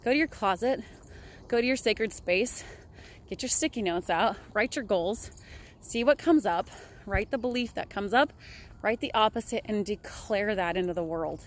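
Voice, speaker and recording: A woman's voice: medium pitch, expressive, moderate pace. A young woman talking casually and upbeat in a motivational vlog, chatting while walking outdoors. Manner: chatty, upbeat, laughs often. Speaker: vlogger.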